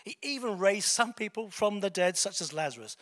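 A man delivers a sermon in a relaxed, conversational way, often pausing on fillers and correcting himself. His voice sits notably high for a man. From England. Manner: conversational, with fillers and self-corrections, chuckling asides. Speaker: preacher.

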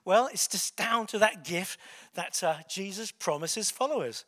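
A man delivers a sermon in a relaxed, conversational way, often pausing on fillers and correcting himself. His voice sits notably high for a man. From England. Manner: conversational, with fillers and self-corrections, chuckling asides. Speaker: preacher.

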